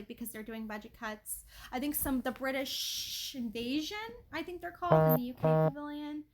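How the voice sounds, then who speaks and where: High-voiced woman rambling on a home livestream. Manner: rambling, chatty, lots of likes and ums; greets chat viewers by name. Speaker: livestream host. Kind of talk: casual livestream chat.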